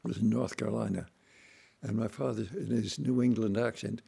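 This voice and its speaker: An older man reminiscing about his childhood in a relaxed, anecdotal storytelling way, now and then acting out voices and sounds. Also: fairly low pitch, fairly quick, creaky, husky. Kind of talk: unscripted reminiscing monologue.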